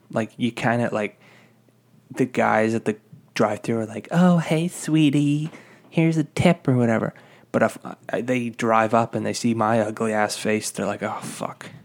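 Profane rambling man with a gravelly voice. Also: lowish voice, fairly even intonation, moderate pace. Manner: profane, rambling, exasperated storytelling. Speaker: former fast-food worker telling a story. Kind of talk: casual ranting monologue.

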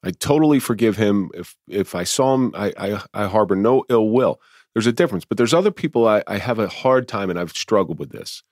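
A man's voice: fairly low pitch, expressive, fairly quick, darkish tone, no room sound, clean studio sound. A man hosting a podcast interview, talking reflectively and thinking aloud, a former police officer. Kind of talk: interview conversation.

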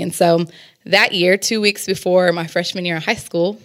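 A woman's voice: fairly low pitch, level tone, unhurried, fairly bright tone. A young woman sharing a candid personal testimony in a conversational way, with frequent fillers. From Kansas.

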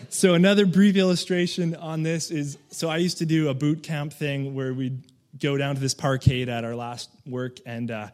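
A man's voice: fairly high pitch, steady tone, moderate pace, a little mellow. A man giving a loose, conversational sermon, full of fillers and asides, who once lived in Canada. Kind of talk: casual sermon.

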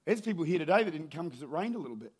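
A man preaching a sermon as pastor, with lively storytelling that builds to shouted calls and then drops low and quiet. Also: very fast, breathy edge.

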